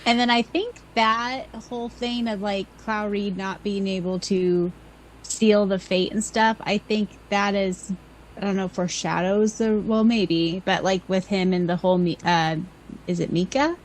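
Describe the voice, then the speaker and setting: A woman's voice: medium pitch, steady tone, measured pace, a little hiss or hum, poor audio. A woman co-hosting a podcast, talking enthusiastically in a casual chat full of fillers. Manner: enthusiastic, filler-heavy, restarts often. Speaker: podcast co-host and audiobook reader.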